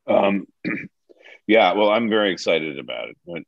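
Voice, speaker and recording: Deep-voiced man on a dull call line. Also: expressive, unhurried, gravelly, dry recording. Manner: rambling, searching for words. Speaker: actor, guest. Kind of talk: casual chat. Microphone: video call.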